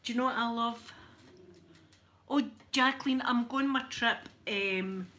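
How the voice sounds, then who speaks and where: A woman's voice: a little high, measured pace, sharp tone. A middle-aged Scottish woman chatting casually on a livestream while she irons, telling stories and laughing often. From Scotland. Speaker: ASMR livestream host.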